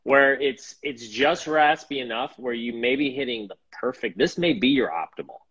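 A man's voice: medium pitch, moderate pace, a bit bright, slightly rough, muffled recording. A man hosting a podcast interview, chatting casually, upbeat and rambling with self-deprecating jokes. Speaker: podcast host.

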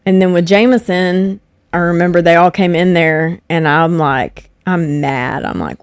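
A young adult woman, guesting on a podcast hosted by her husband, talks a little slowly in a fairly low voice. Animated and casual, she recounts stories while acting out quoted speech. No room sound can be heard.

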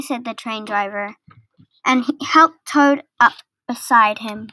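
A woman reading a children's story aloud in a gentle, deliberate storytelling manner. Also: a little high, dry recording.

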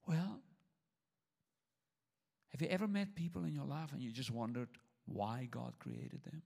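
A man's voice: mid-range voice, steady tone, measured pace, gravelly, long pauses, a little mellow, breathy edge. An older man preaching a sermon to his church, humorous and repetitive, with stammered restarts. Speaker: pastor.

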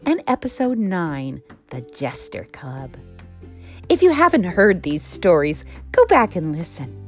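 A woman host narrating a children's story in an expressive storytelling manner. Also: on the low side.

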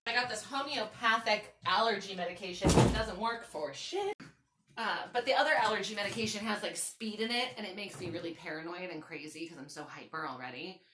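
A young woman, hosting a podcast and telling stories in a casual, animated, swearing style, with a runny nose. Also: medium pitch, fairly quick, background noise. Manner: animated, swearing storyteller, lots of "like". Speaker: podcast host. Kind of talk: casual chat. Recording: echoey room.

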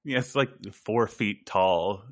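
A man's voice: on the low side, slow pace. Wry joking man on a podcast. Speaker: podcast co-host. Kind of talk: casual chat.

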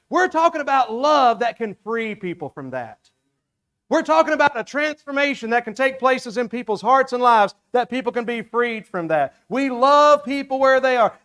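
High-voiced Southern preacher. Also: male voice, a bit bright. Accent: Southern American. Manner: emphatic, repeating phrases, folksy asides to the congregation. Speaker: pastor. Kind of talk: sermon.

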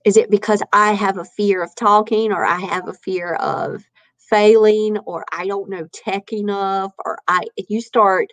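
A woman, an author and podcaster, chatting casually with lively, faith-filled encouragement and acting out her own past reactions. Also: mid-range voice, normal speed, dry recording. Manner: animated, acts out her own past quotes. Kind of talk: casual chat.

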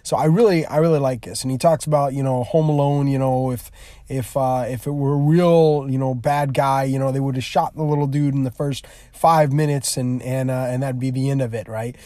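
A man's voice: mid-range voice, fairly even intonation, fairly quick, mellow, dry recording. Rambling man explaining a class activity. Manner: rambling, many fillers and restarts. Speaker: teacher.

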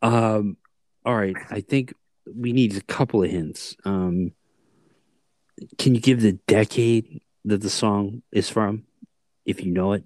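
A man's voice: lowish voice, takes it slowly, long pauses, darkish tone, no room sound. A man co-hosting a podcast in casual chat, telling a story with many restarts and asides. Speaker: podcast co-host.

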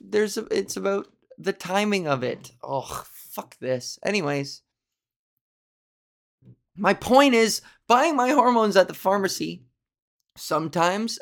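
Podcast host: young woman with a gravelly, vocal-fry edge, swearing freely through a rambling solo rant. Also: medium pitch. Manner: profane, rambling, ranting. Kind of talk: casual solo podcast monologue.

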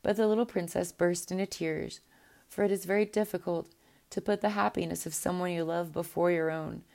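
A woman reading a fairy tale aloud in a gentle, unhurried way, with the odd small restart. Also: on the low side, steady tone, creaky. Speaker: storyteller. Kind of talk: storybook read-aloud.

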